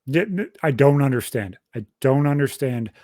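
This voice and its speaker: A man's voice: medium pitch, moderate pace, no echo, studio quality. A young man casually telling a long story on a podcast, swearing constantly and rambling through details. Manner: profane, rambling, animated storytelling. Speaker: podcast host.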